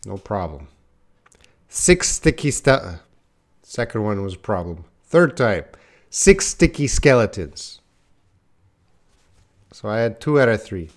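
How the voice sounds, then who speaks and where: A man's voice: lowish voice, very animated, slow pace, long pauses. A man giving a casual live-stream lesson, chatting to viewers by name and laughing at his own slips. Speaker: English teacher.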